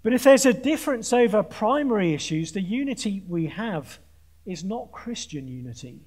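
Male preacher, high voice, earnest, pointed emphasis, dry humour, student audience. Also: big pitch swings, normal speed, a little mellow. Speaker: conference speaker preaching. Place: large conference hall with an audience.

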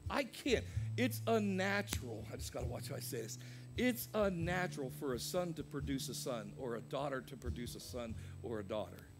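A man preaching a sermon as pastor, swinging from loud emphatic peaks to quieter asides. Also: mid-range voice, fairly quick, music in the background. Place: church sanctuary.

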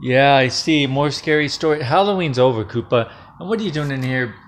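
A man's voice: mid-range voice, fairly quick. A man casually reading a short scary bedtime story at home, joking and laughing along the way. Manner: playful, jokey, laughs often. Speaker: storyteller host.

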